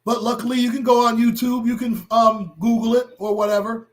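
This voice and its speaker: High-voiced impassioned man hosting a livestream. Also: flat delivery, a little fast. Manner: impassioned, blunt and profane, rising to shouts. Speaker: livestream host. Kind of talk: livestream commentary to chat.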